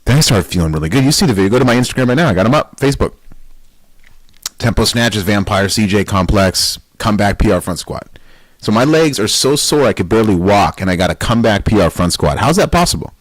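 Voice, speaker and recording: A man's voice: fairly low pitch, lively intonation, quick pace, dry recording, poor audio. A man hosting a weightlifting podcast in a casual, motivational monologue. He is emphatic and blunt, swears, and fires off rhetorical questions.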